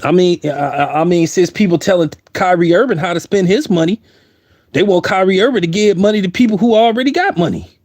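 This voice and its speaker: A man delivers heated, blunt commentary in a slightly high voice, circling back to hammer his points. The sound is dry and close, with no room around it. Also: a little fast, a little mellow, no room sound. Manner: heated, blunt, repeats himself for emphasis. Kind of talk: opinionated commentary.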